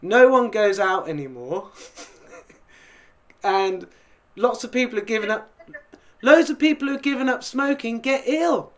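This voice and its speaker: A man's voice: very high-pitched, fairly bright tone. A man with a British accent hosting a casual, rambling chat and chuckling as he talks. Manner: chatty, rambling, chuckling asides. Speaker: host.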